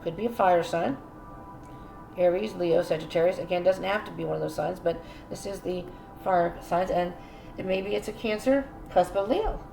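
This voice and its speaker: Woman tarot reader, chatty and musing, gravelly edge, roomy echo with faint room noise. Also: on the low side, normal speed, mellow, soft background music. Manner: chatty, musing aloud, addresses viewer directly. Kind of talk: casual spoken tarot reading.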